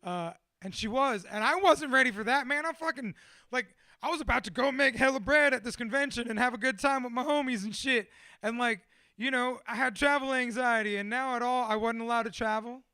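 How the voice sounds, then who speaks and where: A man's voice: very high-pitched, fairly quick, bright, forceful tone, clear, resonant tone, no echo, studio quality. A man in his thirties, a motivational speaker, rambling profanely and self-deprecatingly through a candid personal monologue.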